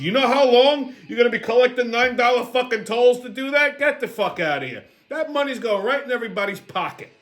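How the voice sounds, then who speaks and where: Host. Foul-mouthed ranting commentary in a high, swooping voice. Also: male voice. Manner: profane, combative, repeats "okay?".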